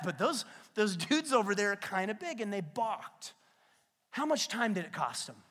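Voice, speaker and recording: A man preaching a sermon as a pastor, retelling scripture as a lively, slangy story. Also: sits high. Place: church sanctuary. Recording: long hall reverb in a church.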